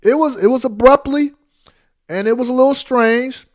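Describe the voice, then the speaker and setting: A man telling a story in a casual monologue, repeating phrases for emphasis. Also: normal speed. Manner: animated, acts out quotes with big pitch jumps.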